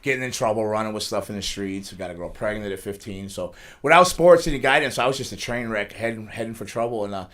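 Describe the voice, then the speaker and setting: A middle-aged pro wrestler with a lowish, fairly bright voice tells rambling life stories in a casual studio interview. He talks fast, often restarting his sentences and laughing along the way.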